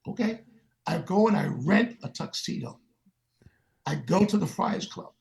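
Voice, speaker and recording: This older guest musician speaks a little slowly in a high voice with vocal fry. Sitting for an interview, he tells stories with animation, performing the voices of the people in them.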